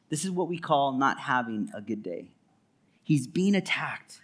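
A man's voice: medium pitch, lively intonation, unhurried, a bit bright. A man preaching a sermon in an earnest, emphatic way, often stacking repeated phrases. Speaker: pastor.

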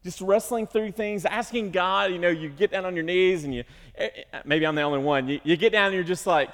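A fairly high-pitched man preaching with earnest emotion, his voice climbing into pleading cries. Long reverb trails behind him, like a large sanctuary. He sounds like a pastor sharing his heart with a congregation. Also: a little fast, a bit bright. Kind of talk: sermon.

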